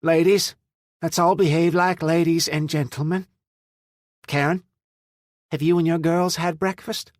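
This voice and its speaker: A man's voice: a little high, steady tone, a little slow, long pauses, dry recording, studio quality, pitched above the performer's own voice, natural voice. A man voicing a stern but loving middle-aged mother who scolds firmly. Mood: welcoming. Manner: scolding, firm.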